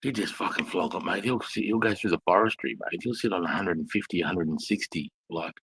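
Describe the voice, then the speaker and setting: A man's voice: deep voice, fast, a bit bright, a little hiss or hum. An Australian man telling crude, slang-filled stories in casual chat. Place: bar.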